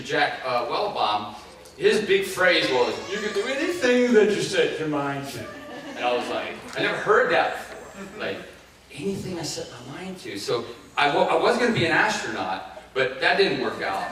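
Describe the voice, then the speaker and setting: A man in his fifties from Ohio giving a keynote speech, telling his own story in a casual, halting way full of fillers and restarts. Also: mid-range voice, a bit bright, recorded from a distance, slight background noise. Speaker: keynote speaker. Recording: echoey hall, mic away from the speaker.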